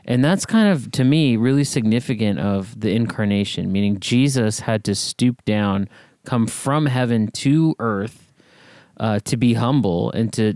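A man's voice: fairly low pitch, a little mellow, dry recording. A man talking through a Bible passage in casual discussion, explaining things and often checking in with "right?". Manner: conversational, explains with rhetorical "right?".

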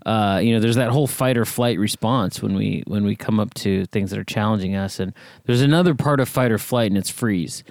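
A man's voice: fairly low pitch, fairly quick, hardly any pauses, a little mellow, no room sound. A man talking through a Bible passage in casual discussion, explaining things and often checking in with "right?". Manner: conversational, explains with rhetorical "right?".

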